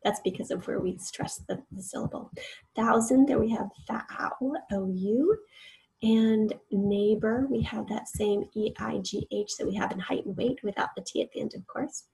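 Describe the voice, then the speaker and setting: A woman's voice: mid-range voice, normal speed, vocal fry, warm tone, husky, rough recording. A woman teacher leading a recorded spelling lesson for children, patiently explaining each word and sounding out its parts.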